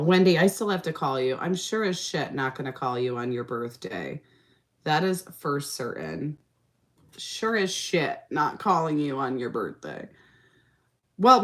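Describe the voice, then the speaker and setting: Tired, chatty woman livestream host. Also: low voice. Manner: chatty, laughs often, trails off in fillers. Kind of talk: casual livestream chat reading comments.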